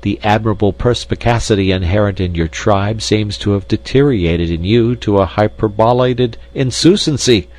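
A man voicing a proud, highly educated giant male insect in a storybook reading, speaking in a pompous, wordy way. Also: normal speed, few pauses, darkish tone, close to an everyday voice. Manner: proud, pompous, long words.

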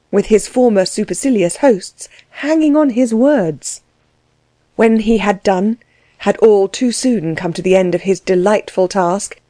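A woman narrating a novel aloud in a measured, expressive reading. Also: medium pitch, no echo. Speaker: audiobook narrator.

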